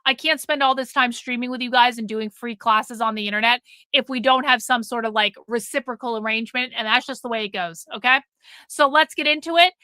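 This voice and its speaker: A woman's voice: fairly high pitch, fairly quick, bright, forceful tone, no echo. A woman hosting a live stream, chatting casually with viewers in a blunt, profane way and nagging them toward a goal. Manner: profane, blunt, nags the chat.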